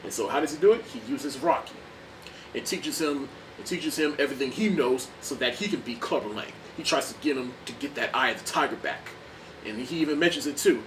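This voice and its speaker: A man's voice: a little high, fairly quick. A young man casually reviewing a movie in an enthusiastic, rambling way, often repeating himself. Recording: distant mic, faint background noise.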